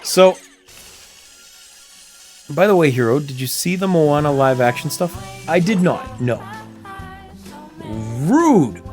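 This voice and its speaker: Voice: mid-range voice, measured pace, long pauses, darkish tone. A streamer chatting casually while playing a game, talking to themself and laughing often, with faint game music behind. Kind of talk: casual livestream chat while gaming.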